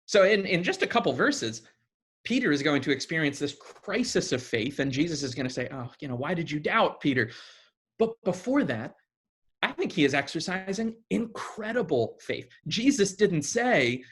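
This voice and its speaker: A man preaching a sermon in a conversational, animated way, often restarting his phrases. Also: high-pitched, normal speed, husky.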